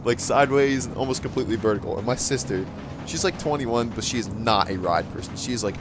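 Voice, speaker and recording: A man's voice: mid-range voice, fairly quick, background noise. Rambling young man, casual anecdote. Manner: rambling, chuckling, lots of fillers. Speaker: gaming channel host. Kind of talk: casual storytelling over gameplay.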